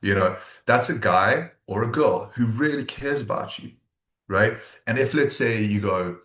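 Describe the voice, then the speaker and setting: Blunt, low-voiced South African man. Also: measured pace, fairly bright tone. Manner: blunt, swears freely, acts out quoted friends. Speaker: podcast co-host. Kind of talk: casual podcast chat. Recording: echoey room.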